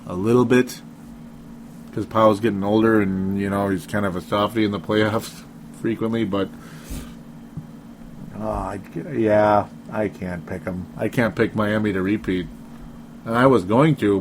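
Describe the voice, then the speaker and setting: A man's voice: fairly low pitch, slight background noise. A man co-hosting a casual sports podcast, rambling, laughing often and breaking off his own sentences. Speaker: podcast co-host.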